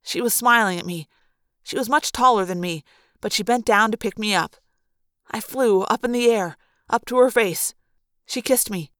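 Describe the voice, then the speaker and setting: Woman reader for a fan audiobook; expressive narration, higher voice, dry recording. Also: normal speed, dry recording. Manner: expressive storytelling.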